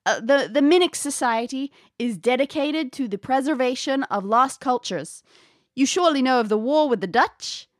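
A woman putting on an earnest, old-fashioned woman scholar from the 1600s, locked in a closet, her voice muffled through a door. She pleads in a formal, slightly high voice and a quaint accent that is half English, half American. The sound is close and dry. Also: animated, moderate pace, no room sound. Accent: 1600s mix of English and American.

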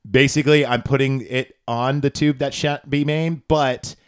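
A man's voice: medium pitch, fairly even intonation, moderate pace, smooth. A man hosting a podcast, telling rambling, crude, jokey stories in casual chat. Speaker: podcast host.

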